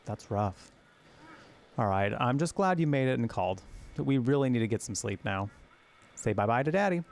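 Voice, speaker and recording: A man voicing a wife and mother at home, soft and caring over the radio. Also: mid-range voice, expressive, normal speed, close to an everyday voice.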